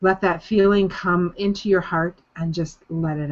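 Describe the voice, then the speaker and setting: On a group call, a woman who leads a coaching program delivers motivation with sincerity and emphasis, hammering home key phrases by repetition. Her slightly low voice moves at a moderate pace with fairly even intonation and hardly any pauses. The sound is muffled and lo-fi, like a conference line.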